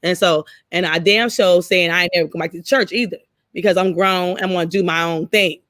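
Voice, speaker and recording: A woman's voice: lowish voice, fairly even intonation, a little fast, fairly bright tone, no room sound. A middle-aged woman chats candidly with a cohost, swearing freely and acting out old arguments. Her voice sounds dry and close. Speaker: co-host. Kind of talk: casual story chat.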